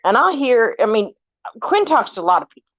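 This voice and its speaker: A fairly high-pitched woman in her 40s from California talks fairly quickly, animatedly recounting family ghost stories and doing voices for every quote. She swears casually; the lo-fi recording is dry, close, and dull.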